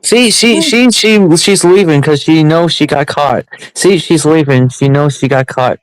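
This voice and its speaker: A man's voice: on the high side, a little slow, few pauses, dry recording, low-quality recording. A man streamer ranting heatedly on his livestream, repeating himself and restarting sentences.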